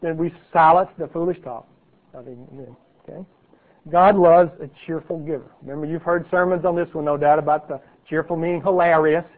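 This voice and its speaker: A man's voice: on the high side, fairly even intonation, a little fast. A man teaching a sermon in a conversational way, checking in with the listeners with "okay" and "right". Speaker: preacher. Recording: tinny phone-like audio.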